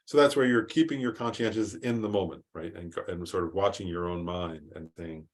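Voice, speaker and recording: Man with a lowish voice, casual Dharma class teacher, loose and chatty with lots of "right?". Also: a little fast. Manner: conversational, rephrases with frequent "right?" and "um". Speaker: Buddhist teacher.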